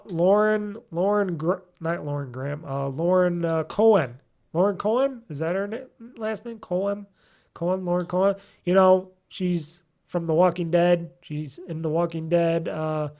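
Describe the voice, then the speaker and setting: A man's voice: high-pitched, darkish tone. Rambling, cussing man hosting a podcast. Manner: rambling, profane, many ums while searching for names. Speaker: gaming podcast host. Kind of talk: casual solo podcast chat.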